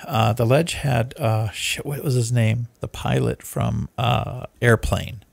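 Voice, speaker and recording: A man's voice: medium pitch, takes it slowly, vocal fry, dry recording. A man hosting a casual podcast, rambling and swearing as he retells movie plots. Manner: rambling, profane, animated storyteller. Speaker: podcast host.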